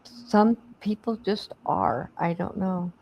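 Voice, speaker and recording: A woman's voice: medium pitch, animated, slow pace, gravelly, a little mellow, dull audio, a little hiss or hum. A middle-aged woman hosting a bingo stream, chatting casually and laughing as she calls out winners. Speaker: stream host. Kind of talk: casual chat.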